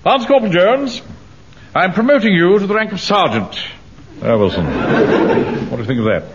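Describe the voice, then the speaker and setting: An actor playing a pompous, self-important middle-aged bank manager who also commands a platoon, in a 1970s radio sitcom. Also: male voice, sits high, sing-song, normal speed. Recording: dull old radio recording with faint hiss.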